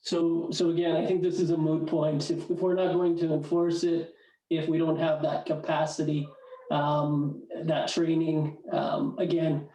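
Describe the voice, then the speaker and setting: A man town councillor dismissing a proposal in a council meeting, with halting ums. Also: a little high, little pitch movement, dark tone. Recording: echoey room, far from mic.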